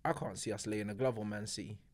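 A man's voice: lowish voice, steady tone, fast talker, no echo. A young man, chatting easily about school and football as a podcast host. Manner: laid-back, slangy, laughs along. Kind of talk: casual banter.

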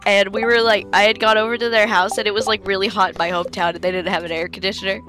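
A woman chatting on a stream, narrating in a deadpan way and telling casual, profanity-laced stories. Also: mid-range voice, very fast. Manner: casual storytelling, heavy swearing. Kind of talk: casual chat on a game stream. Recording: music playing behind.

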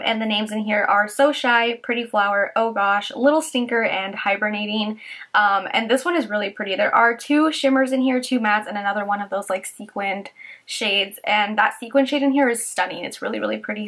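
A young woman with a slightly high voice, talking casually and quickly in a makeup review vlog. Her talk is full of "like" and "um," and she turns soft and tender when speaking of her mother. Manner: chatty, with many "like" and "um" fillers. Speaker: beauty YouTuber.

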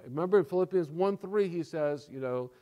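A man's voice: a little high, brisk, mellow, muffled recording. A male pastor preaching a sermon, repeating key lines for emphasis and checking in with the congregation with "okay?" and "all right?".

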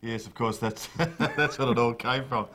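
A man's voice: mid-range voice, normal speed, background noise. A man hosting a playful, light-hearted TV interview. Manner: playful, laughs along. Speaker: TV host.

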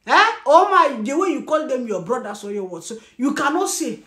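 A woman with a Nigerian accent, a Birom speaker, giving a blunt, scolding commentary with lively laughter. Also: high voice, normal speed, hardly any pauses. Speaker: commentary vlogger. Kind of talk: ranting commentary. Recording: echoey room.

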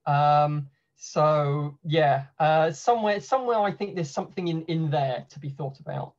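A man's voice: a little high, normal speed, darkish tone. A man on a book-launch panel, thinking aloud in an academic discussion, hesitant with frequent restarts, speaking on a video call. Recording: slightly dull video-call audio.

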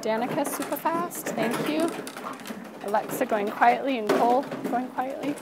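A woman's voice: high voice, heavy background noise. Upbeat first grade teacher, woman. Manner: upbeat, encouraging, drawn-out modeling of sounds. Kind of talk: classroom phonics lesson. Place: elementary classroom.

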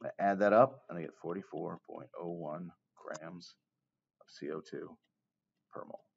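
A man's voice: low voice, steady tone, normal speed, vocal fry, a little hiss or hum. A man teaching chemistry in a casual, joking lecture style, often checking in with his class. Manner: casual, jokey asides, keeps checking with "okay?". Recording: dull lo-fi recording.

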